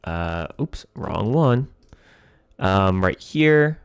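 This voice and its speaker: Low-voiced man thinking aloud. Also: animated, very slow, clean tone, no echo, clean studio sound. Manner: hesitant, many ums, reads lines aloud and chuckles. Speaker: comedy sketch writer hosting a livestream. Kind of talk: thinking aloud while writing a sketch.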